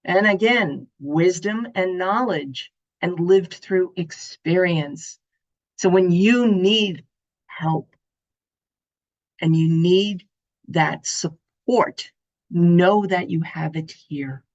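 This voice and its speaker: A woman speaker giving a motivational summit talk, telling stories in an expressive, animated way. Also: lowish voice, drawn-out words, highs cut off. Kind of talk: summit talk to an online audience.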